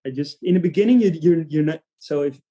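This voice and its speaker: A man from the Netherlands, a native Dutch speaker, chatting as a podcast guest and telling animated stories with many fillers. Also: a little high, quick pace, lo-fi sound. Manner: animated storytelling with frequent fillers and laughs. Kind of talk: casual interview chat.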